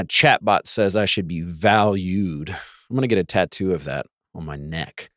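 A man with a lowish voice talks through his topic in a loose monologue. He drops sarcastic asides and mimics voices when he quotes people. The sound is close and dry, with no room echo. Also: unhurried, a bit bright. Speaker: podcast host. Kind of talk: casual monologue.

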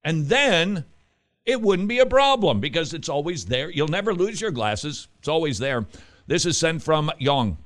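A male Christian radio host with a lively, animated voice that swings up and down in pitch. He talks in a quick, chatty way and breaks into emphatic, forceful urging when he drives a point home. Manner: quick, chatty asides with restarts and laughs. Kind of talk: casual Christian radio talk.

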